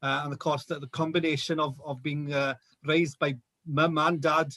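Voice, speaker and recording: A man's voice: on the high side, flat delivery, normal speed, pushed and bright, no echo. A man with a Welsh accent, chatting as a guest on a video call and often repeating words as he talks. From Wales. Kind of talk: casual chat on a video call.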